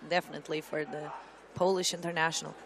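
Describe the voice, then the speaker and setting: A woman's voice: sits low, level tone, fast talker, a crowd in the background. A woman co-commentating on a live football match, adding facts about players. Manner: backs up the lead with player facts.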